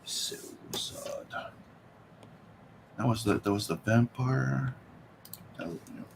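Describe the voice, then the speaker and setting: A man's voice: medium pitch, moderate pace, vocal fry, noisy background. A French-Canadian man co-hosting an art livestream, casually greeting viewers and chatting with fumbling restarts. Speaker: co-host.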